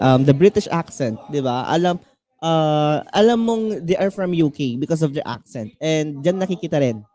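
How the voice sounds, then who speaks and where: A man from the Philippines with a Filipino accent, teaching an online class in a halting way, full of fillers and restarts. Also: on the high side, lively intonation, warm tone. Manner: code-switching, halting with many fillers and restarts.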